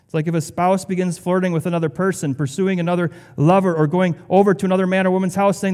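Pastor guy preaching, kinda high voice, church hall echo hanging on it, chatty with some sarcasm. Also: steady tone, fast talker, darkish tone. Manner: conversational, with sarcastic asides. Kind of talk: sermon.

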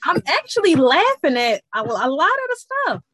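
A woman's voice: high voice, sing-song, normal speed, crowd noise. A woman co-hosting a casual chat, agreeable and often laughing. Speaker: co-host.

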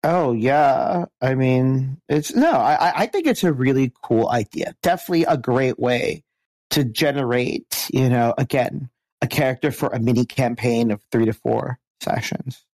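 Hoarse man, lost his voice. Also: medium pitch, expressive, normal speed, darkish tone, no echo. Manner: rambling, many restarts and fillers. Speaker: podcast guest. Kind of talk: casual podcast chat.

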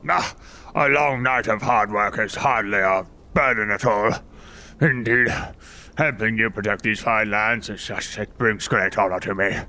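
A man's voice: on the low side, a little slow, pushed and bright. A man voicing a formal, pious male warrior who speaks in stiff, archaic phrases. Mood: earnest. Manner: stiff, archaic, lofty speech.

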